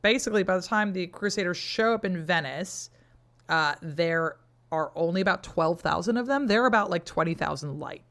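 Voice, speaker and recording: A woman co-hosting a podcast, explaining history casually and wryly, acting out the people involved in quick asides. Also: on the low side, a bit bright. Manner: wry, storytelling, acts out historical figures in quick asides. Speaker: podcast co-host.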